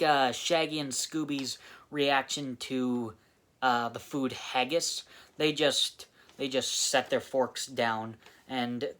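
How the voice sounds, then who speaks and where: A man giving a casual spoken movie review, halting with fillers and restarts. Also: medium pitch, a bit bright. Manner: halting, many fillers and restarts, clears throat.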